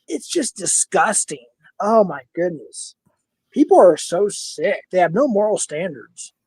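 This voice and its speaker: A man's voice: high-pitched, sing-song, a little slow, a little mellow, slightly rough, no room sound. A man in his fifties with a Minnesota accent, hosting a casual livestream panel in a blunt, heated way and swearing freely. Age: 50s.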